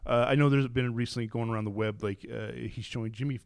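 A man talking casually and at length, his voice an ordinary middle pitch. He rambles through restarts and "uh"s but lifts with real enthusiasm when a story grabs him. The sound is dry and close, with no room around it. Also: fairly even intonation, quick pace, gravelly, clear, resonant tone, no room sound. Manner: rambling, with frequent restarts and fillers. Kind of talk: casual chat.

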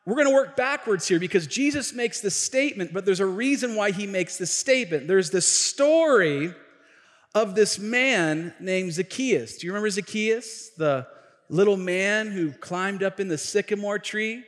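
A middle-aged male pastor telling a story in a sermon, chatty and animated, with restarts and asides. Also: high voice, normal speed. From Tacoma, Washington. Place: church sanctuary. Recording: echoey church hall.

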